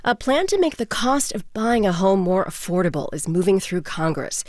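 A woman newscaster reading national headlines in a crisp, formal broadcast style. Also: mid-range voice, very animated, normal speed, a little mellow, no room sound, studio quality. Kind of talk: scripted news reading.

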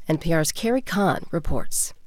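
A woman with a fairly low voice reads national news headlines in a crisp, formal style. The studio sound is close and dry. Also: expressive, normal speed, dry recording. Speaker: newscaster. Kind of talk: scripted news reading.

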